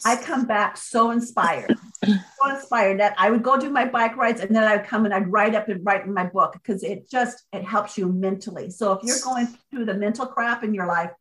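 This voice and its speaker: A woman author being interviewed, speaking in an energetic, motivational way and driving her points home with repetition. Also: mid-range voice, moderate pace, poor audio. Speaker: author guest. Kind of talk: conversational interview.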